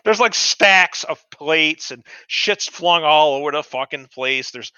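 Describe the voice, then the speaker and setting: A man casually telling a profane, animated story about an old job, acting out the dialogue. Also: a little high, measured pace, clear, resonant tone, no room sound, muffled recording. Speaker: podcast co-host.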